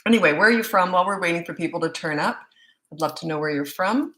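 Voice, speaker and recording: A Canadian woman hosts a live-stream parenting Q&A on her own microphone. Her voice sits a little low, and she talks in a chatty, frank way. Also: quick pace, pushed and bright, low-quality recording. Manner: chatty and frank, greeting viewers by place. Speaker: parenting coach. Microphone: own set-up microphone.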